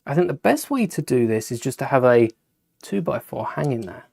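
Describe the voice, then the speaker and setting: A man's voice: medium pitch, big pitch swings, brisk, creaky, darkish tone, breathy edge. A British man hosting a live Lego building stream, chatting casually, thinking aloud as he builds and answering viewers' questions. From United Kingdom.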